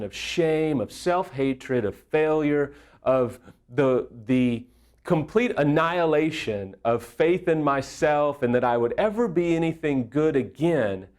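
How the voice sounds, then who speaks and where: A man speaking to camera in an even middle register, earnest and open as he tells a personal story. He talks candidly and now and then pokes fun at himself. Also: medium pitch. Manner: earnest, candid, self-deprecating. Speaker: affair recovery speaker. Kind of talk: personal story told to viewers.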